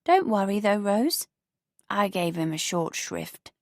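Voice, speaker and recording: A woman's voice: medium pitch, very animated, a little slow, a little mellow, no room sound, pitched above the performer's own voice. A woman voicing a prim, gossipy elderly neighbour who talks in a fussy, lilting way, in a dry studio audiobook reading. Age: older.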